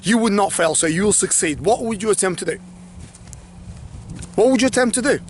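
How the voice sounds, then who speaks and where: Animated, blunt motivational male coach. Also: high-pitched, a little fast, slight background noise. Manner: blunt and swearing, animated, repeats okay; mimics others' worried thoughts in asides. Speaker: life coach. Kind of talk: motivational talk to camera.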